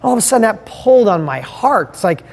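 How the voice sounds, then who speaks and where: A man's voice: sits high, sing-song, quick pace, darkish tone, in a large hall. A middle-aged man hosting a motivational live stream, talking in an emphatic, heartfelt way and pressing listeners with rhetorical questions. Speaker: host.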